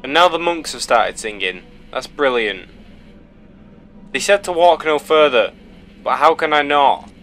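A man's voice: fairly high pitch, expressive, unhurried, long pauses, fairly bright tone, a little hiss or hum. Scared young man swearing through a game. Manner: jumpy, swearing, rambling and sing-song. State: frightened. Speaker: gaming video host. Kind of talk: let's play commentary.

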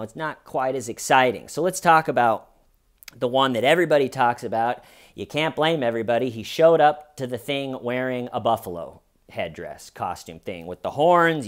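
A man delivering a rambling, sarcastic comedic commentary monologue, often acting out quotes in mocking voices. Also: medium pitch.

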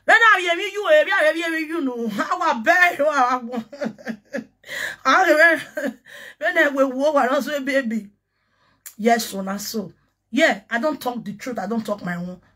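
A woman from Nigeria with a Nigerian Pidgin accent, ranting excitedly on a casual livestream and breaking into chanted syllables and laughter. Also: high voice, a little slow, long pauses. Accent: Nigerian Pidgin English. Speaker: social media personality.

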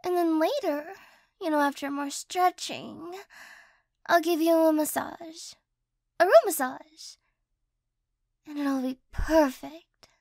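A woman voicing a sleepy, apologetic cat-girl girlfriend in a whispered role-play, speaking softly and hesitantly close to the mic. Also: high voice, creaky, no room sound, full character voice. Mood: sleepy, affectionate. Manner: soft, gentle, hesitant and apologetic. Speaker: ASMR role-play artist.

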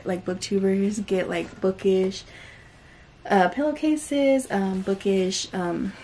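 A booktube host chats her way through a casual unboxing vlog, excitable and gushing, with fillers sprinkled throughout. Her fairly high voice has a gravelly, fry-heavy texture over a faint hiss of noise.

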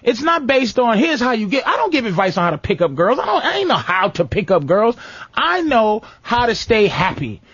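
A man hosting a talk show, telling crude comic stories in an animated, profane rant and mimicking other voices. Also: sits high, moderate pace, slightly rough, no room sound. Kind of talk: profane comedic radio rant. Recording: muffled lo-fi, dry.

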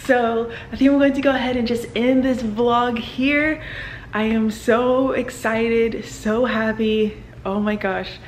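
Excited young woman vlogging, slightly high. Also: takes it slowly, a little hiss or hum. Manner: excited and emotional, many fillers like "like" and "oh my God". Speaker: vlogger, medical student. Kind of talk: casual vlog to camera.

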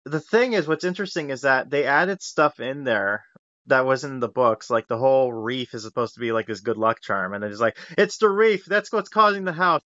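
Guy rambling on his podcast, excited, bright voice, dull lo-fi mic. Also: medium pitch, brisk, no echo. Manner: rambling, enthusiastic, lots of fillers. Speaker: podcast host. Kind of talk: casual podcast chat.

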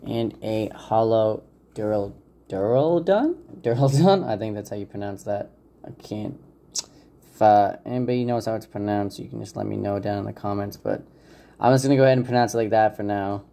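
Man, gravelly low-key voice, casual unboxing chatter, hesitant with fillers. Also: fairly quick. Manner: relaxed, hesitant, many fillers, unsure of names. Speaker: channel host opening trading card packs.

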